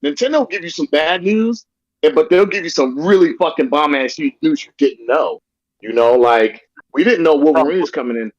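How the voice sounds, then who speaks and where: A man's voice: fairly high pitch, expressive, normal speed, dry recording, highs cut off. A man in casual gaming chat, talking in a loose, hesitant way.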